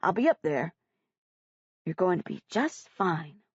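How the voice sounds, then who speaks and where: A gentle teenage big brother , voiced by a woman reading aloud, speaks softly in a lowered tone. He sounds calm and reassuring. The recording is dry and slightly dull. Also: a little slow, breathy edge, no room sound, full character voice. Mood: tender.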